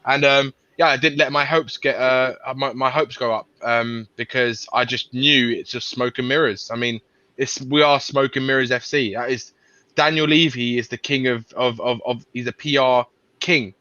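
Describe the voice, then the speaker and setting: A man with a bright, forceful voice rambles through his take as a guest on a fan stream, often tripping over and repeating words. The sound is dry, with no room around it. The audio is dull and lo-fi. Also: mid-range voice, steady tone, normal speed, no room sound. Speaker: guest panelist. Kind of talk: casual live-stream chat.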